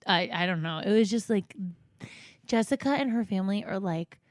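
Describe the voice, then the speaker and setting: A woman co-hosting a podcast in casual chat, emotional and swearing freely, who reads messages aloud softly. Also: mid-range voice, expressive, moderate pace, no echo, studio quality. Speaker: podcast co-host.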